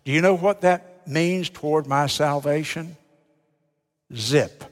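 Older Baptist preacher in a reverberant church. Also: male voice, a little high, takes it slowly. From United States. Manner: emphatic, folksy, rhetorical questions. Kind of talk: sermon. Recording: long hall reverb.

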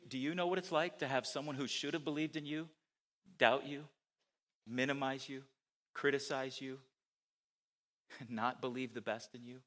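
A man preaching a sermon, animated, who asks his listeners many rhetorical questions. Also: medium pitch.

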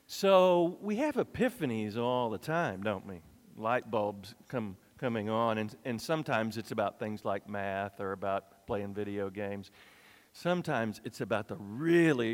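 A man's voice: medium pitch, moderate pace. A man who is an interim pastor, giving a playful children's sermon in a church and coaxing the kids with exaggerated enthusiasm. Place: church sanctuary. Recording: long church reverb.

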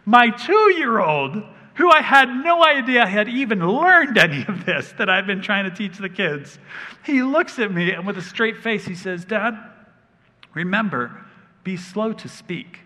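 A pastor in his thirties preaches in a large church hall, telling stories with humor and animation. His high voice is sing-song and sharp in tone, and he keeps a measured pace. The big hall gives the recording a long reverb.

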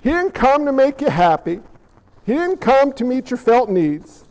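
A man preaching a sermon dramatically, firing rhetorical questions at the congregation and swinging between forceful declarations and hushed asides. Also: extremely high pitch, very animated, a little slow, muffled recording. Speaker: pastor.

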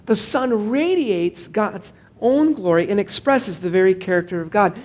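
A man, a pastor, preaching a sermon in a casual, digressive way, joking with the congregation and slowing down to stress scripture. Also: high voice, a little mellow. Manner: conversational and digressive, with jokes to the congregation.

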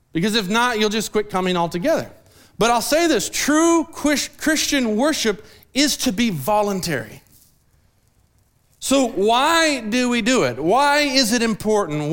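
A man preaching a sermon as pastor in a church, casual and joking as he acts out people's lines. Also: high voice. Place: church sanctuary.

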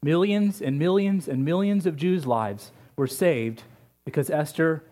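A man's voice: a little high, unhurried, dark tone. A male pastor preaching a sermon, retelling a story with humorous asides.

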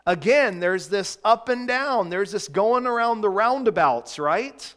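A man preaching a sermon in a deliberate way, swinging between loud emphasis and quiet, hushed lines. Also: high voice, animated.

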